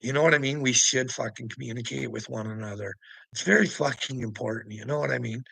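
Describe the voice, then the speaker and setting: A man's voice: medium pitch, quick pace, vocal fry, bright, forceful tone, breathy edge, no echo. A man talking to the camera in a rambling, preachy monologue, swearing constantly. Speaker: vlogger.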